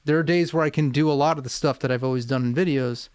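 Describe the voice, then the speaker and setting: A man's voice: mid-range voice, steady tone, fast, darkish tone, clear, resonant tone, dry recording. A man hosting a music reaction video as a vocal coach, talking casually, thoughtful and a bit rambling.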